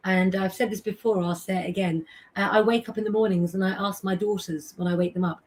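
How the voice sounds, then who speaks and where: A woman's voice: medium pitch, fairly even intonation, brisk. Chatty woman reading live comments. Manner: chatty, reads out viewer names and messages, frequent ums. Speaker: astrologer and tarot reader hosting a live stream. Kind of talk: casual live-stream chat reading viewer comments.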